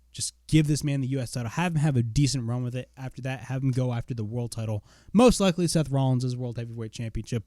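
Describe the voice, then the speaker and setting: A young man giving a casual spoken wrestling review, blunt and excitable, swearing freely. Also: mid-range voice, no echo, clean studio sound.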